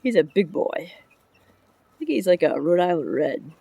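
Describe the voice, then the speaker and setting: A woman's voice: lowish voice, sing-song, measured pace, creaky, mellow, husky, dry recording. Chatty rambling woman vlogging. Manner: chatty, jumps between topics, laughs often. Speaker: vlogger and public works truck driver. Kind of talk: casual rambling vlog chat.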